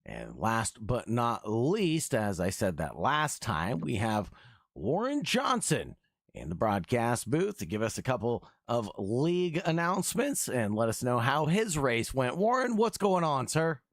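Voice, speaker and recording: A man's voice: mid-range voice, huge pitch swings, unhurried, no room sound, clean studio sound. A man hosting a sim racing broadcast, interviewing drivers after the race in a friendly, easygoing way. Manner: friendly, calls drivers brother.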